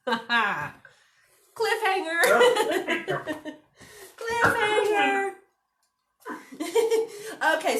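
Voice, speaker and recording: A woman's voice: fairly low pitch, a bit bright. Woman reading a storybook to kids. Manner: chatty, giggly asides to children. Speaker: children's librarian. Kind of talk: storytime read-aloud.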